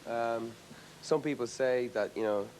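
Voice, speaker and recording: As a guest in a casual TV studio interview with an audience, the Irish rock singer speaks at a measured pace in a medium-pitched, darkish voice, musing aloud and frequently restarting sentences. The low-quality recording has a bit of background noise.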